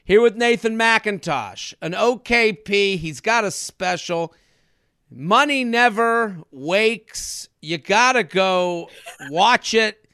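Male comedy podcast host, animated storyteller, bright tone and dry close sound. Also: high-pitched, slow pace, smooth, no echo. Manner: animated storyteller, acts out quotes.

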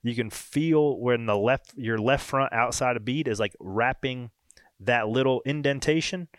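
A man in his thirties, co-hosting a podcast and telling a racing story in a casual, animated way. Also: mid-range voice, unhurried, no room sound. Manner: animated storyteller, acts out quoted voices. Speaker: podcast co-host and race driver.

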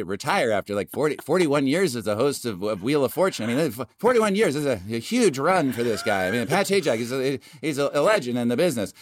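A man putting on a halting, deadpan male comedian, stammering and droll. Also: medium pitch, no echo, studio quality, natural voice.

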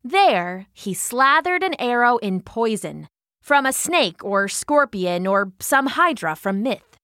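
Woman reading a story out loud, slow and bright, highish voice. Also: no room sound, studio quality. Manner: expressive, dramatic.

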